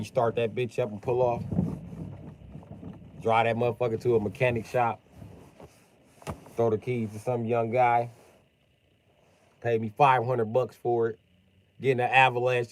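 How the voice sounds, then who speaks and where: A man's voice: medium pitch, fairly even intonation, moderate pace, long pauses, a little hiss or hum. A man telling a comic story on a live stream and jumping animatedly between character voices. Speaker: comedian streamer.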